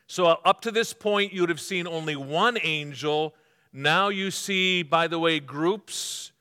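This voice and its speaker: A male pastor with a bright, forceful voice delivers a sermon, stopping often to have listeners underline words and tossing out questions he answers himself. His tone is smooth and resonant, a touch above the usual male pitch, and the sound rings with the long reverb of a large hall. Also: unhurried. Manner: interactive, asks the congregation to mark their notes; poses quiz questions and answers them himself.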